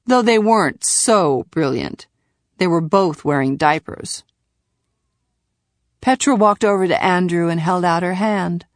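A woman narrating a novel in scripted, measured storytelling from a quiet booth. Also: lowish voice, no echo, clean studio sound. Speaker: audiobook narrator.

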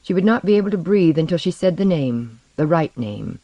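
An audiobook narrator giving a measured, dramatic reading of scripted narration. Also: medium pitch, very animated, mellow, no room sound.

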